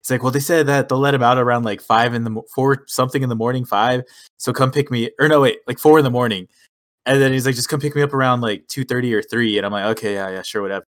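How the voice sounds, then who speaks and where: A man at a middle pitch recounts a late-night story to friends on a podcast. He swears freely and acts out each quoted exchange as he goes. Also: quick pace. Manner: swearing, animated retelling with quoted dialogue. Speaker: podcast co-host. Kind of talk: casual storytelling chat.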